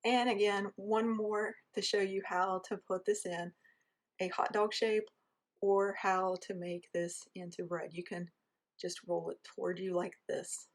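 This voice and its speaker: A woman's voice: mid-range voice, little pitch movement, a little slow. A woman with a rural Southern American accent, giving a casual, chatty how-to lesson while she shapes dough with her hands. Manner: chatty, self-deprecating, talks while kneading dough. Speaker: home baker teaching.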